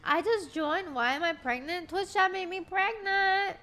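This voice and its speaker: A woman streamer chatting casually, telling stories in an animated, profane way. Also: very high voice, unhurried. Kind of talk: casual livestream chat.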